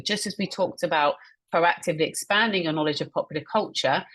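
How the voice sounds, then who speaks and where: A woman with a fairly low, husky voice teaches over a video call. She speaks in an encouraging tone and works through examples, often repeating phrases back to her listeners. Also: fairly bright tone. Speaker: webinar presenter and communication trainer. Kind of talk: instructional webinar talk.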